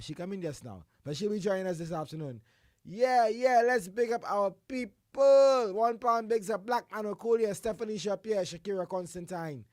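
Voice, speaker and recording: Radio guy, hoarse from flu, hyped greetings, dry close studio mic, kinda high voice. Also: brisk, dry recording. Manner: exuberant, shouts greetings, drops into a quieter voice between. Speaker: radio host. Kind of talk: lively radio show chat with listener shout-outs.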